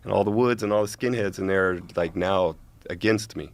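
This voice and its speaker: Male guest, low and gravelly, laid-back slangy storyteller. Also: fairly quick. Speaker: interview guest. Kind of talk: casual storytelling.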